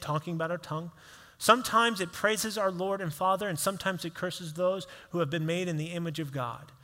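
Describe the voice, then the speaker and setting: A man's voice: fairly high pitch, fairly bright tone. Male pastor, conversational sermon in a reverberant hall. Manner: conversational preaching, acts out quoted voices.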